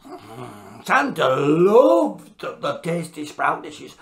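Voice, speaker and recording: A woman narrating a children's story in a playful, expressive voice, host of her own reading channel. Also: low-pitched, slow pace.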